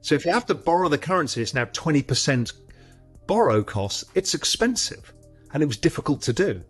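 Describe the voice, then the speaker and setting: A man, a former trader, telling an animated story about a deal and acting out phone calls with his colleagues. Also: a little high, a little fast, slightly rough, faint music behind. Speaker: interview guest, former trader. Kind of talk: storytelling anecdote.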